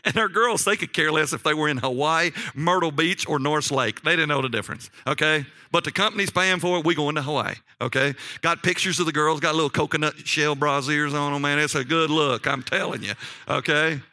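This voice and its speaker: A middle-aged man preaching a sermon, telling personal stories in a folksy, animated way and often checking in with "okay?". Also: fairly high pitch, fairly quick, no room sound, studio quality.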